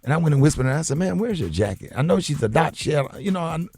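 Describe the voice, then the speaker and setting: A man hosting a morning radio show, animated and repeating himself as he fires questions at his co-hosts. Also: fairly high pitch, rapid-fire, breathy edge, no room sound, faint music behind. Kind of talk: lively radio banter.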